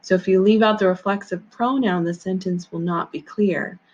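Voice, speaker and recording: A woman's voice: medium pitch, steady tone, moderate pace, a little mellow. A woman teacher giving a recorded grammar lesson, patient and methodical, walking through examples step by step. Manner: patient, methodical, talks through on-screen steps. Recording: slightly dull lo-fi audio.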